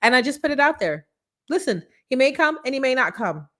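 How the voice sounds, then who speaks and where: Animated woman hosting a motivational show. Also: high-pitched, fairly quick. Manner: animated, preachy storytelling with acted-out quotes. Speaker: morning show host. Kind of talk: motivational live-stream talk.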